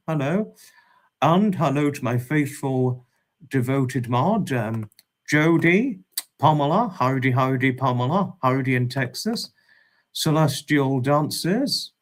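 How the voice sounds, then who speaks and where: A man hosting a casual livestream, greeting viewers by name with fond, repeated hellos in a drawn-out way. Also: on the high side. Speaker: livestream host.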